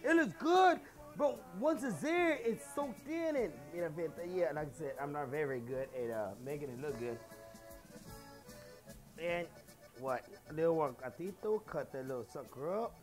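A man's voice: fairly high pitch, lively intonation, normal speed, darkish tone, soft background music. A middle-aged man, hosting a casual home cooking show in his kitchen, chatty and boastful, dropping phrases as he goes.

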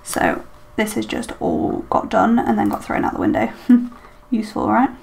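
A planner vlogger murmurs along to herself while decorating, a chatty plan-with-me full of ums and little questions. Her mid-range voice swoops wildly in pitch at a normal speed, creaky and a little mellow.

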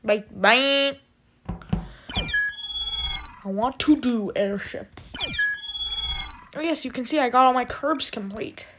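Casual gaming host: woman, high and lively, talks slowly, curses often, loud background music. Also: noisy background. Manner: chatty, swears a lot, coos at her cat. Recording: game music loud behind voice.

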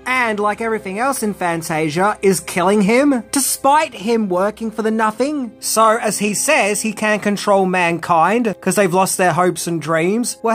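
A video essay narrator giving casual film commentary with wry, conversational asides. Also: mid-range voice.

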